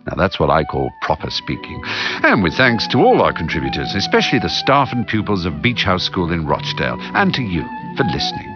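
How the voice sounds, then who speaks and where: Male radio presenter, very deep, wry, scripted, music bed behind, dull sound. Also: wildly swooping pitch, fairly quick.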